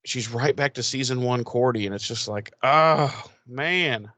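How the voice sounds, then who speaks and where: A man co-hosting a podcast, recapping a TV episode in casual chat, swearing freely and animated. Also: mid-range voice, a little slow, no echo. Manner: swearing, animated, quotes characters in put-on voices. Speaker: podcast co-host.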